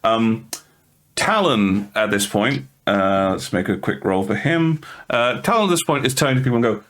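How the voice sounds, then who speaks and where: A man's voice: on the low side, expressive, moderate pace, a bit bright. A man running a tabletop game as game master, often stammering and repeating words as he narrates and calls for rolls.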